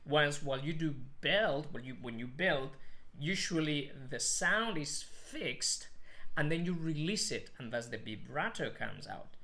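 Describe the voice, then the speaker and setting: Male voice teacher, middle-aged, bright tense voice, slightly high, faint music behind. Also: lively intonation, unhurried, vocal fry. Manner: explains with sung examples, many restarts and fillers. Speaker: singing teacher. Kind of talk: voice lesson with sung demonstrations.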